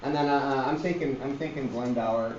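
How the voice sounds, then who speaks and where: A man's voice: medium pitch, brisk, background noise. A man teaching a literature class, rambling with many fillers and restarts. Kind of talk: classroom lecture. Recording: roomy, dull classroom recording.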